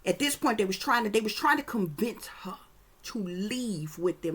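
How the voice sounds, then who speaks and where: A woman's voice: mid-range voice, expressive, moderate pace, slightly rough. A woman giving a casual psychic reading, talking emphatically with lots of swearing and often checking that her listeners follow. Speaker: psychic reader.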